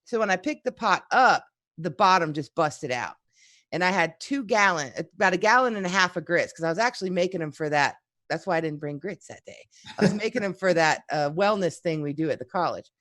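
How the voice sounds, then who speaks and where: A woman's voice: fairly low pitch, a little fast, no room sound, studio quality. A woman, a psychology instructor chatting casually and acting out little stories as she tells them. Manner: animated storyteller, acts out quotes. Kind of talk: casual chat.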